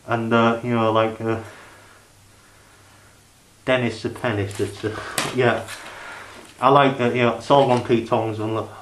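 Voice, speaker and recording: A man's voice: mid-range voice, flat delivery, a little slow, long pauses, fairly bright tone, a little hiss or hum. A man, rambling through a casual review vlog of his DVD collection and leaning on "you know" and "like" fillers. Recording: echoey room.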